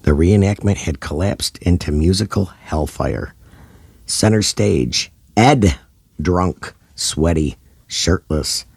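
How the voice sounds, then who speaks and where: A man's voice: low voice, slow, creaky, a little mellow, breathy edge, no echo, clean studio sound. A man narrating a scripted comedy story in a dramatic, over-the-top way.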